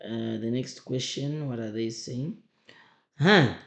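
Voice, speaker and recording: Male teacher, emphatic and repetitive, mid-pitched voice, echoey room. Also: slow pace, vocal fry, fairly bright tone. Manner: repetitive, emphatic, often checks understanding. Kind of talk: exam memo walkthrough lesson.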